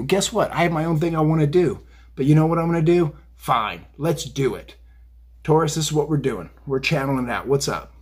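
A man's voice: a little high, animated, a little fast, husky. A man giving a tarot reading on a phone video, blunt and fired up, swearing and rambling. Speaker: tarot reader. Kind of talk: casual profane psychic rant.

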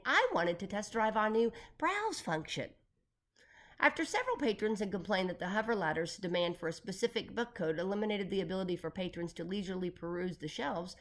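A woman narrating a children's chapter book in a lively, expressive way. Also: mid-range voice. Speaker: audiobook reader.

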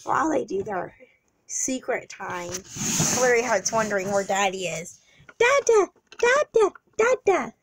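A woman's voice: mid-range voice, lively intonation, unhurried, creaky, background noise. A woman narrating a homemade story in a matter-of-fact way.

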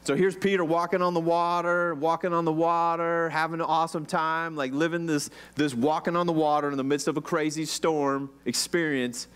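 A man's voice: a little high, flat delivery, normal speed, few pauses, fairly bright tone, clear, resonant tone. A man preaching a casual sermon, chatty and joking, with rhetorical questions and many "like"s. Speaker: pastor.

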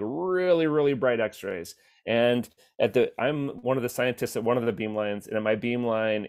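A man with a fairly low voice explains his lab work in a relaxed, plain way for families. He pauses often with ums, and his voice comes through a video call. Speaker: beamline scientist giving a virtual tour. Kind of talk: casual explanatory talk.

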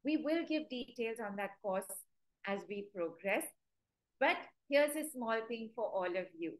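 A woman's voice: fairly high pitch, animated, unhurried, rough recording. A woman giving a live webinar lesson as a dog trainer, chatty and quizzing her viewers. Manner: chatty, asks the audience direct questions; acts out stern and sweet commands to dogs.

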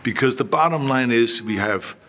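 Older man telling lively stories. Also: mid-range voice, normal speed. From Austria. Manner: animated anecdotes, acts out quoted voices. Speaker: interview guest. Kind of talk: storytelling in a relaxed interview.

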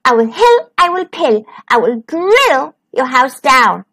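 A woman voicing a small, whiny, impatient boy wolf cub in a high squeaky voice for a storybook. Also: sing-song, slow, a bit bright, exaggerated voice.

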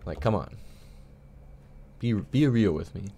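A man's voice: fairly low pitch, expressive, slow, noisy background. A man giving casual, muttered gameplay commentary, often swearing in frustration at the game. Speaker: gaming channel host. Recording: keyboard and mouse clicks behind.

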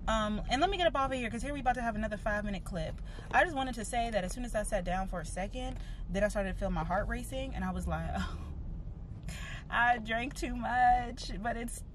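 Young woman, 20s, casual car vlog on a phone mic. Quick, chatty, excitable delivery, clear traffic noise behind. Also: medium pitch. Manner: fast, chatty, slangy and excitable. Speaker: vlogger. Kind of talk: casual vlog talking to camera. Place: in a car while driving, then outdoors in a parking lot.

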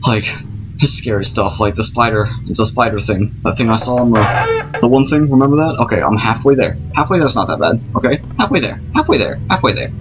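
Over game music, a man's mid-range voice comes a little quickly as he offers anxious let's-play commentary on a horror game late at night at home. He rambles, says sorry and repeats things, and the dull, lo-fi audio has a noisy background.

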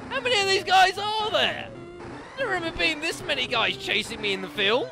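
A man commentating a video game, excitable and self-mocking, yelling at the enemies. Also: extremely high pitch, normal speed, vocal fry. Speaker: let's play commentator. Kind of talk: gaming commentary. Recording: game music behind the voice.

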